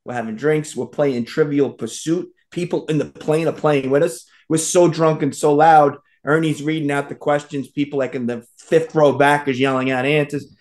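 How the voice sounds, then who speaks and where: A man with a slightly raised pitch tells a story in a relaxed chat. He is animated, acts out what people said and laughs often. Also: moderate pace, few pauses. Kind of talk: casual storytelling.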